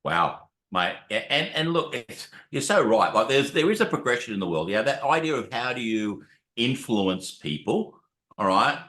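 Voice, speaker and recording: A man's voice: medium pitch, big pitch swings, moderate pace, pushed and bright, reverberant. A man hosting a casual interview, chatty and matey, calling his guest "mate". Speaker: podcast host.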